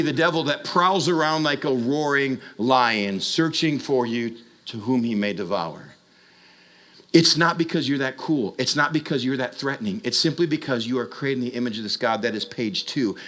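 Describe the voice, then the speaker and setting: Animated, storytelling male preacher. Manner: animated storytelling with comic asides; acts out voices with sudden high jumps. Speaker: young adult ministry preacher. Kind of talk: sermon.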